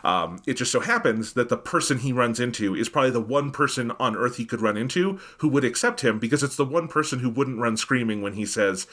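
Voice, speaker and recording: A man's voice: mid-range voice, a little fast, hardly any pauses. A man co-hosting an anime review podcast, talking through a film's themes in a casual, analytical way that livens up when he quotes characters. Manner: thoughtful, animated when quoting characters. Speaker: podcast co-host.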